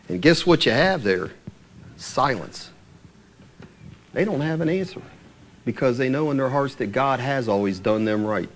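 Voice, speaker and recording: Lively-voiced man teaching scripture. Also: mid-range voice, a little slow, long pauses. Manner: explains verse by verse, asks the listeners questions, chuckles. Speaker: preacher. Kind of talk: conversational Bible teaching.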